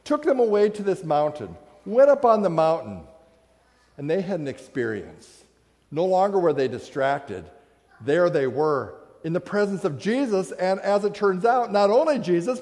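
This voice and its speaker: A man preaching a sermon, telling stories with acted-out voices and rhetorical questions. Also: sits high. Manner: animated storytelling, acts out voices, rhetorical questions. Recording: long hall reverb.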